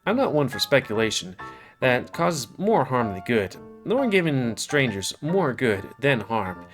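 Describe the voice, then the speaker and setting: A man's voice: mid-range voice, very animated, measured pace, soft background music. A man voicing an unflappable female squirrel barmaid in a put-on Scottish accent, chirpy and clipped, reading a visual novel aloud. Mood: breezy. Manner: chirpy, clipped, says "aye" often.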